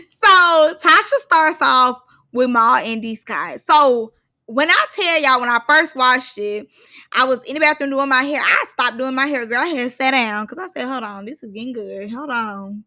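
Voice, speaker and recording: This reality TV reviewer, a young woman, gives a casual, slang-filled rundown of a show while performing the quotes. Her voice sits high, sounding bright and pushed.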